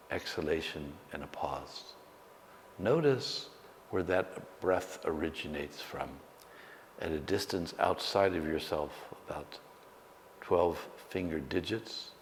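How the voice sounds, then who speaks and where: A man, a meditation teacher, guiding a slow, calm meditation with long pauses. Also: deep voice. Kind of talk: guided meditation. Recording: long hall reverb, faint background noise.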